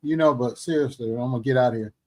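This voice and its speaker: A middle-aged man hosting a casual talk show, animated, exclaiming and joking as he talks. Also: medium pitch, fast talker. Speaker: show host. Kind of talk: casual chat.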